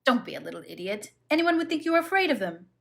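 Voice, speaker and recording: A woman's voice: on the high side, big pitch swings, creaky, fairly bright tone, pitched above the performer's own voice, full character voice. A woman reading as a brusque, impatient husband. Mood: exasperated. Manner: curt, brisk and exasperated.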